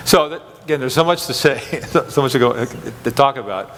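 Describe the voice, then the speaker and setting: A man's voice: mid-range voice, expressive, fast, a bit bright, big-room sound, a little hiss or hum. A man interviewing a chapel guest, talking in a rambling way with many restarts and chuckles. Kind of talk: casual interview chat.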